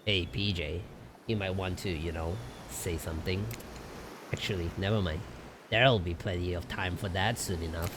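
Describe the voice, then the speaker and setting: A man's voice: deep voice, fairly even intonation, moderate pace, background noise. A man streaming a game live, reading its text aloud and joking between lines. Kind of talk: live gameplay commentary and reading.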